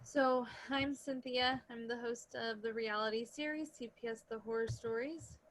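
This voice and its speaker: A woman hosting a video call interview, soft-spoken, asking plain questions, with the hiccups. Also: a little high, steady tone, moderate pace. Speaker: host.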